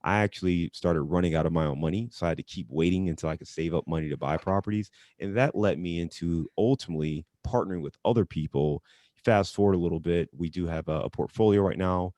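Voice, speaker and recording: A man talking as a guest on an online webinar, relaxed and conversational. His voice sits very low. The recording is dry, from a call mic. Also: fast talker, no echo. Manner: relaxed, conversational, frequent fillers. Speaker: real estate investor guest. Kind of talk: casual webinar chat.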